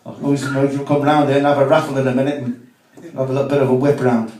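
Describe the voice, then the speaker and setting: A man's voice: medium pitch, flat delivery, quick pace. A man doing a cheeky, chatty stand-up set at a comedy club, with asides to the crowd. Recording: echoey room, mic from far off.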